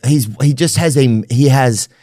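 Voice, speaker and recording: A man's voice: mid-range voice, a little slow, dry recording, studio quality. A man hosting a podcast, telling rambling stories in casual chat and swearing freely. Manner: rambling storyteller, swears, lively. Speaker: podcast host.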